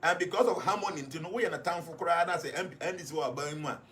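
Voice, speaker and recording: A man's voice: a little high, fast, fairly bright tone, a little hiss or hum. Ghanaian man explaining on live radio. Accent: Ghanaian English. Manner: explains points one by one, mixing English with Twi. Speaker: radio guest reading numerology.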